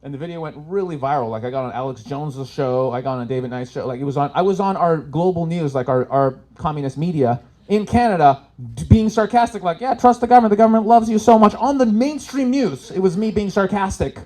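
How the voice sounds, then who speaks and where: On an event stage, a comedian does a live set full of free swearing, alternating loud punchlines with low asides. He is expressive, talks a little fast, and barely pauses.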